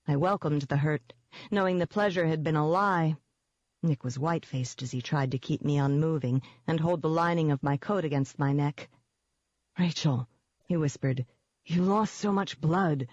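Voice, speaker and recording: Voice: medium pitch, no room sound. Audiobook narrator with a dry, dull sound. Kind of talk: first-person novel narration.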